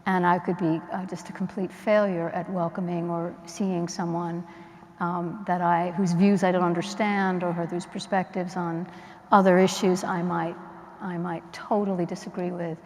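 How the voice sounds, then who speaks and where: A woman's voice: on the low side, level tone, normal speed, a little mellow. A woman panelist reflecting thoughtfully on stage, searching for her words as she goes. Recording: reverberant church hall.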